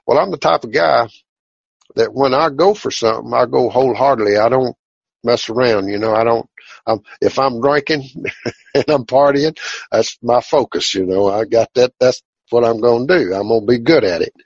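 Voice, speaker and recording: A man tells his religious testimony in a folksy, plainspoken, halting way, on a dull lo-fi recording. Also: medium pitch, vocal fry, breathy edge, dry recording. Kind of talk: personal testimony storytelling.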